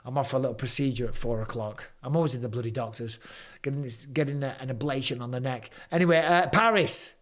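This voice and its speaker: A man in his forties from England with an English accent, hosting a casual live-stream chat in a hoarse voice, telling stories animatedly with British slang. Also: medium pitch, quick pace, fairly bright tone. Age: 40s. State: hoarse from throat trouble. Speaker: host.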